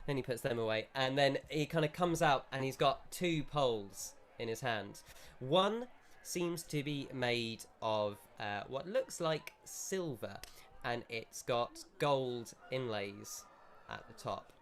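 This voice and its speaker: A man narrating a tabletop game as game master, describing scenes in a relaxed, halting way with fillers. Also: mid-range voice.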